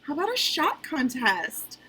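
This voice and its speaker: A woman's voice: high voice, huge pitch swings, unhurried, bright, forceful tone, slight background noise, heavily acted, poor audio. A woman reading the part of a confident, flirty female spy in an amateur script reading, with breezy, playful delivery.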